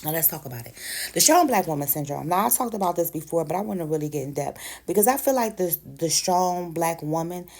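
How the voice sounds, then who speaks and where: A woman past thirty-five talks straight into her phone, emphatic and conversational. Her voice sits on the low side. She calls her listeners baby and sis. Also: animated, brisk, gravelly, a little mellow. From United States. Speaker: vlogger. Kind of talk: direct-to-camera rant.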